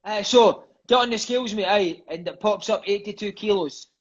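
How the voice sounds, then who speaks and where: Husky high-voiced Scottish man telling stories. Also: normal speed, dull audio. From Scotland. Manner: lively, profane, peppers speech with "mate". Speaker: guest, former footballer. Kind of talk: storytelling interview chat.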